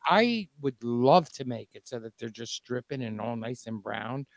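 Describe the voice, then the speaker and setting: A man's voice: mid-range voice, animated, normal speed, creaky, no echo. A man joining a casual podcast chat with short, wry remarks.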